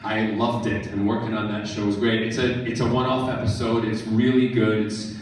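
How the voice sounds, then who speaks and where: A man answering fans' questions at a convention panel, joking and animated. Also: on the low side, normal speed, far from the mic, a little hiss or hum. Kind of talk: casual Q&A with fans. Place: large convention hall. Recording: echoey hall, mic from afar.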